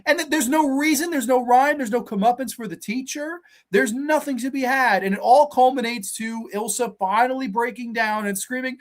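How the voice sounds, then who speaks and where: A host reviewing episodes in a casual rant, profane and exasperated, swearing often, with pitch jumping when worked up. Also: moderate pace, few pauses.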